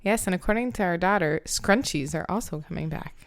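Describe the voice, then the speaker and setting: A woman's voice: lowish voice, fairly quick, dry recording. A woman in her forties co-hosting a casual podcast chat, chiming in with brief teasing remarks. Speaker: podcast co-host.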